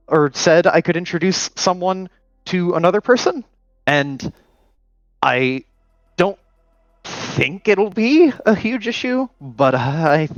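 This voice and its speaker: A man's voice: fairly high pitch, fairly bright tone, dry recording, dull audio, pitched above the performer's own voice. Man doing a stammering, nervous young man. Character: anxious, excited scruffy young man.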